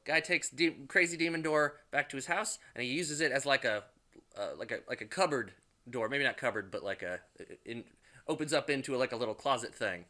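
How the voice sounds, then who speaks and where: Bright-voiced man rambling through a recap. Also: mid-range voice, a little fast. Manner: rambling, loose, with lots of "like" and swearing. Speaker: movie reviewer. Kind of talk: casual, profane movie plot recap.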